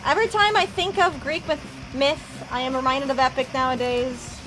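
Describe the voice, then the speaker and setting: A woman streamer chatting casually and rambling while opening trading cards, quick to laugh. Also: high-pitched, fairly even intonation, music in the background. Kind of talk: casual live-stream chat.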